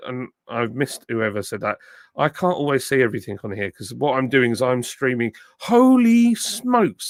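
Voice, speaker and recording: A middle-aged man from the south of England, his southern English accent softened by years in the north, chatting casually on a live stream and reading out viewer comments. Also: medium pitch, vocal fry, no echo, studio quality. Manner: chatty, thanking viewers by name, frequent ums and uhs. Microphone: phone with a plug-in mic.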